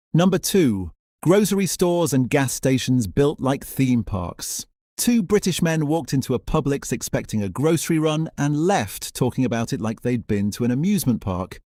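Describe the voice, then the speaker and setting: Calm man narrating a documentary. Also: mid-range voice, no echo, studio quality. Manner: measured, even storytelling.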